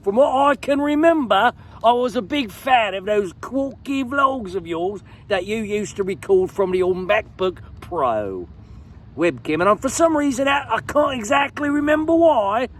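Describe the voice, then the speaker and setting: A man's voice: sits high, expressive, unhurried, pitched above the performer's own voice. An American man doing a hammy fake-British bloke. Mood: hammy, playful. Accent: put-on British, admittedly off. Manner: playful, hammy, laughing through it. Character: cheeky British man apologizing by letter.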